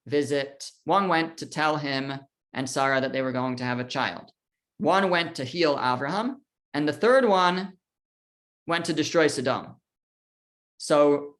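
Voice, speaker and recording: A rabbi teaching a casual class, reading verses aloud and explaining them conversationally with fillers and restarts. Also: male voice, a little high. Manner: conversational, with fillers, restarts, and lively quoted dialogue.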